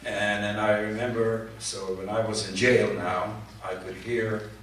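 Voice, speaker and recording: Older man, low voice, halting testimony, echoey hall, distant mic. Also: little pitch movement, fairly bright tone. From Poland. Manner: halting, repeats words, earnest. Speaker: Holocaust survivor speaker. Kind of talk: personal testimony to students. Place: large hall at a community event. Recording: echoey hall from far off, faint noise.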